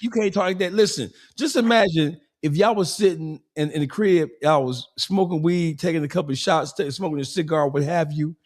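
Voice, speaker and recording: A man hosting a gossip talk, animated, asking pointed questions and acting out scenes. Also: fairly high pitch, brisk, few pauses. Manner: animated, acts out scenes, asks probing questions. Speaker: gossip show host. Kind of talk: casual gossip chat.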